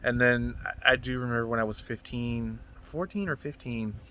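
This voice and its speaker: Bright-voiced man rambling through a story. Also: medium pitch, moderate pace. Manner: rambling, profane, animated retelling. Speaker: comedian telling stories. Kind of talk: casual storytelling monologue.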